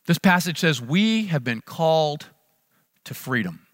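Middle-aged guy pastor preaching, lively pitch that swings all over, kinda high voice, hammers phrases twice. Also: a little slow, no room sound, clean studio sound. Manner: emphatic, repeats key phrases for stress. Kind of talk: sermon.

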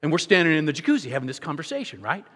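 A high, lively male preacher who tells his story with rhetorical questions. His tone is bright and forceful, and it rings through a long-reverb hall. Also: racing. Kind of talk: sermon with a personal story.

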